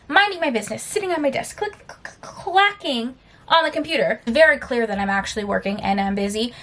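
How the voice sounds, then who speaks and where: Sassy, animated young woman vlogger. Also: a little high. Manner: animated, sassy, emphatic asides with repeated "okay?". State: tired. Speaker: book vlogger. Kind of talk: casual chatty storytelling.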